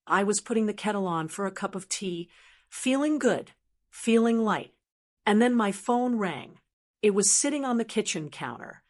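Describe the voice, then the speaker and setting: An older woman in her sixties narrates her own story in the first person. Her delivery is calm and measured, in a middle-pitched voice that stays steady.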